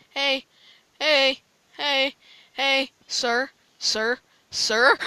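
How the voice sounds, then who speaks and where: Excitable high-voiced woman gamer. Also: very slow, no room sound, rough recording. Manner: excitable, yelling taunts, giggly. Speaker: gamer recording gameplay. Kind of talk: casual gameplay commentary.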